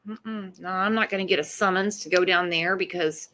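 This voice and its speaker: A woman's voice: lowish voice, fairly even intonation, normal speed, bright, forceful tone. A woman hosting a casual true crime livestream, blunt and profane, greeting chat viewers by name.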